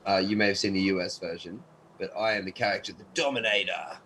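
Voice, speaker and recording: A man's voice: low voice, flat delivery, fast talker, fairly bright tone, slight background noise, rough recording. A young Australian man chatting loosely on a podcast, full of "like" and "you know". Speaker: podcast guest, actor and athlete. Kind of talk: casual podcast chat.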